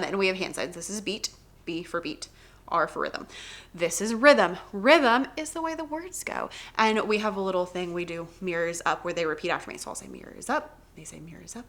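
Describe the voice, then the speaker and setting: A chatty woman explains how she teaches music. Her voice is bright, and her pitch leaps around a lot as she acts out her students in a sing-song way. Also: lively intonation, fairly quick. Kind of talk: casual teaching vlog.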